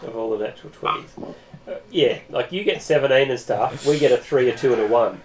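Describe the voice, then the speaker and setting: A man's voice: medium pitch, animated, fairly quick, low-quality recording. A man playing a tabletop game, chatting in a blunt, dry way. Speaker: player. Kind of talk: casual tabletop game chat.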